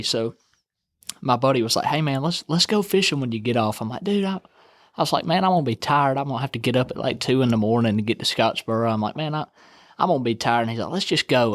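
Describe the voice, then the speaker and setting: A man's voice: mid-range voice, no room sound, studio quality. A young man, telling a fishing story in casual chat and acting out what his friends said. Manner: animated storyteller, acts out quoted friends.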